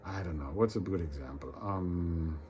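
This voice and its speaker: A man with a fairly low, mellow voice talks straight to his viewers in a loose, unscripted vlog. He stumbles and repeats words as he goes and slips into quoted mini-dialogues. Faint background noise sits under him. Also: moderate pace. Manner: repeats words and restarts often; acts out little quoted exchanges. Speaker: vlogger. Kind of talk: rambling casual monologue.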